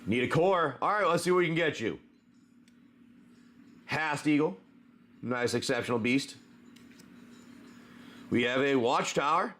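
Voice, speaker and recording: A man with a somewhat high voice runs a live card-pack stream. He talks casually to his viewers and calls them by name. His speech wanders and is filled with "um" and "uh". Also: lively intonation, unhurried, pauses often, fairly bright tone. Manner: chatty, greets viewers by name, many fillers. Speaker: live stream host opening card packs.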